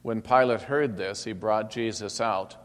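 A man giving a liturgical scripture reading in a measured, declamatory way. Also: fairly low pitch, fairly even intonation. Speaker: scripture reader. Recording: long hall reverb.

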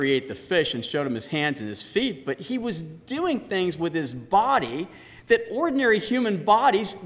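A man preaching a sermon as pastor, animated and emphatic, slowing down to stress key words. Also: fairly high pitch, long reverb tail.

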